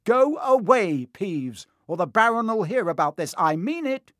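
A man's voice: high-pitched, very animated, measured pace, fairly bright tone, no echo, clean studio sound, voice pushed up, heavily acted. A man voicing a stern, officious teenage boy prefect in a storybook reading.

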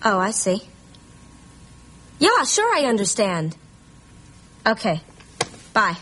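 A woman's voice: mid-range voice, huge pitch swings, slow, a bit bright, full character voice. An actress playing an awkward teenage girl hunting for a date, with a wry, self-mocking manner. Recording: old sitcom audio with a noisy laugh track.

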